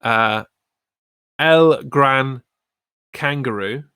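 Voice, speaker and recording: A man's voice: medium pitch, drawn-out words, sharp tone, clean tone, no room sound, clean studio sound. A man co-hosting a casual wrestling podcast from the UK, recapping matches and joking around. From United Kingdom. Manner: jokey, recaps then riffs. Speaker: podcast co-host.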